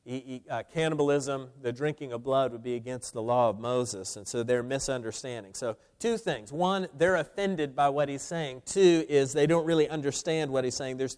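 A man's voice: medium pitch, a little mellow. A man preaching an expository sermon, emphatic, often repeating words as he restarts. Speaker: pastor.

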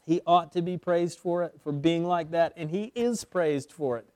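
A man preaching an expository sermon as pastor, emphatic, slowing down and repeating words for weight. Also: fairly high pitch, darkish tone, smooth, no echo. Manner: emphatic, with slow stretched phrases and repeated words.

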